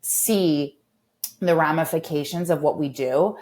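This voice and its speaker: A woman in her thirties, a guest on a podcast, telling her story with candid, animated feeling and acting out quoted voices. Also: deep voice, measured pace.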